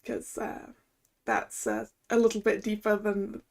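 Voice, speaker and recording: A woman's voice: medium pitch, flat delivery, measured pace, vocal fry. A woman streaming a video game, chatting casually and giggling between lines.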